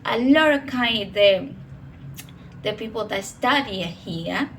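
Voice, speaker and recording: A woman in her twenties with a Venezuelan Spanish accent, a native Spanish speaker who talks about herself in halting English and often says "okay". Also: fairly high pitch, lively intonation, a bit bright, a little hiss or hum, poor audio. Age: 20s. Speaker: professor. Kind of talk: personal monologue.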